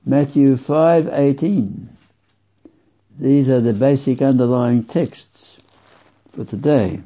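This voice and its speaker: A man preaching a sermon slowly and with emphasis, repeating phrases for weight. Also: medium pitch. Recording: dull lo-fi sound.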